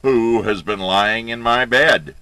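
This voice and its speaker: A man doing a booming great big bear. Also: takes it slowly, clean tone, no room sound, poor audio. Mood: gruff angry. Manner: booming loud outcry. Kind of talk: storybook reading.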